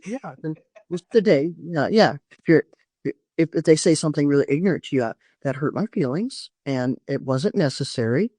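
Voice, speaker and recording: An older woman interviewed on a podcast as a parenting expert shares emphatic, heartfelt advice, repeatedly restarting her sentences. Her deep, expressive voice is mellow with a breathy edge at normal speed, recorded in studio quality with no room sound.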